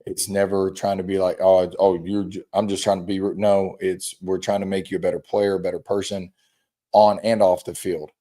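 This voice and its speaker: Low, mellow-voiced football coach. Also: male voice, flat delivery, moderate pace. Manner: rambling storyteller, acts out quotes. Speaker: high school football coach. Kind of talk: casual chat.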